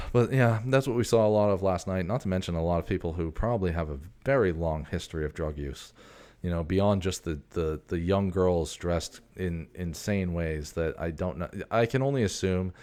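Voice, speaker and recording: Host, male, 40s, very low voice, loose profane rambling monologue, digressive. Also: moderate pace, warm tone.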